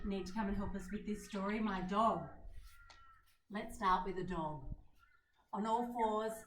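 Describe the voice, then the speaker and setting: Woman, children's yoga teacher, slow gentle coaxing delivery, roomy echo, mic far off. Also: mid-range voice, slight background noise. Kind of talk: guided children's yoga lesson. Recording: roomy sound from a distant mic.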